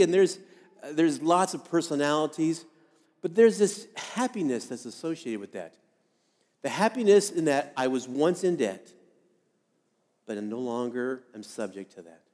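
Male pastor, fairly high voice, conversational sermon with repeated phrases, long hall echo. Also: a little mellow.

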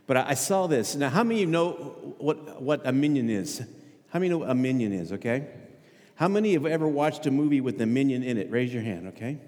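A man's voice: medium pitch, lively intonation, fast, a little mellow. A male pastor preaching a conversational sermon, asking the congregation questions and often repeating his words. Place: church sanctuary. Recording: hall with long reverb. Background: long hall reverb.

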